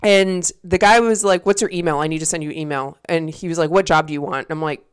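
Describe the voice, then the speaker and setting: A woman's voice: low voice, fast talker, clear, resonant tone. A young woman co-hosting a casual podcast, telling a long story with lots of swearing and laughter. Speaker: podcast co-host. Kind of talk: casual chat. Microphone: desk mic.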